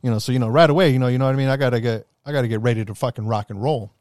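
A man in casual chat, telling stories with lots of swearing, animated and often laughing. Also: medium pitch, racing, dry recording, studio quality. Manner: animated, profane storyteller who gets loud and laughs.

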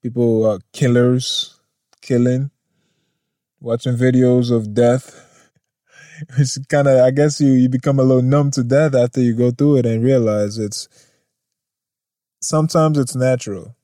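A man's voice: mid-range voice, steady tone, a little slow, long pauses, dark tone, no echo, studio quality. A man hosting a casual news podcast, laid-back and rambling, swearing and laughing often. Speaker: podcast host.

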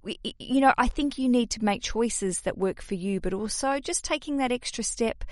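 A woman's voice: on the high side, normal speed, no echo. Chatty woman podcast host, dry close sound. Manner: chatty, animated, self-deprecating asides. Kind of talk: casual podcast talk.

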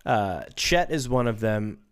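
A podcast co-host with a lowish, clean-toned voice reads a book aloud, dropping in wry, dry asides during the casual chat. His delivery is unhurried, with lively intonation.

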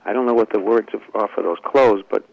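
Gravelly and on the low side, his quick-paced voice is heard through a muffled recording. He's a comedian and ventriloquist giving a spirited, extended story in an interview, playing out the quoted dialogue.

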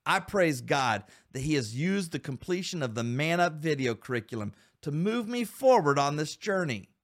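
An earnest male podcast host with a slightly high-set voice, urging his listeners on. He talks to them directly, calling them guys and men, and asks them one question after another. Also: big pitch swings, normal speed. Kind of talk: Christian men's podcast talk.

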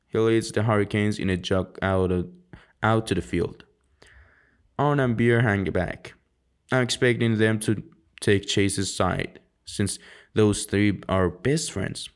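A man reading a novel aloud in an amateur audiobook, halting with frequent slips and restarts. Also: lowish voice. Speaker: audiobook reader.

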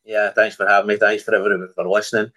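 A Scottish man, a podcast guest, talking in a halting way with many restarts. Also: on the low side, flat delivery, pushed and bright, low-quality recording. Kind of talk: casual football podcast chat.

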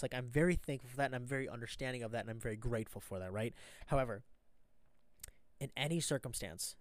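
Man, casual motivational vlog, earnest, rambling, dry close sound, medium pitch. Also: dry recording. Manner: earnest, rambling, keeps asking "right?". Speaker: vlogger sharing a mindset talk. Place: stranded at an airport after a cancelled flight.

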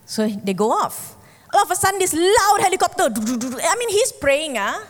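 Woman preacher, high voice, animated storytelling, long hall echo. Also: normal speed. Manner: animated storytelling, acts out characters with shifting pitch. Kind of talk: sermon.

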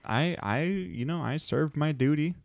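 A man's voice: on the high side, unhurried, gravelly, dry recording, clean studio sound. A man in his thirties co-hosting a podcast, rambling through a story and acting out what people said. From United States. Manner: rambling storyteller, acts out quotes. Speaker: podcast co-host. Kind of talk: casual chat.

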